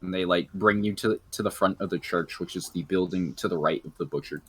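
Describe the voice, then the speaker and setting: A young man narrating as game master of a tabletop game, halting with many fillers. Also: deep voice, a bit bright, breathy edge.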